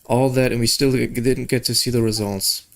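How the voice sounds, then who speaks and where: A man's voice: medium pitch, fairly even intonation, moderate pace. A young man chatting casually and joking while playing a game, reading its dialogue aloud. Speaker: gaming video creator.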